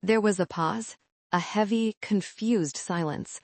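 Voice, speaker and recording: A woman narrating a first-person story in a calm, measured, coldly resolved way. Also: fairly low pitch, dry recording.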